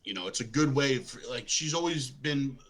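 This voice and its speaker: Bright-voiced man in casual podcast chat. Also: medium pitch, expressive, moderate pace, slight background noise, rough recording. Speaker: podcast co-host.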